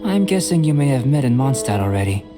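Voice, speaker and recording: A man voicing a calm, composed young alchemist in a video game, measured and gently lecturing. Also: medium pitch, natural voice. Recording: game audio with clear music behind. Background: game music.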